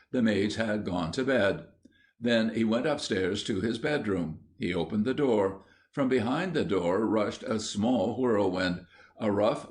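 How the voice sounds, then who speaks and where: A man narrating a children's storybook in an even storytelling manner. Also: fairly low pitch. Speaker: audiobook narrator. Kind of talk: scripted narration.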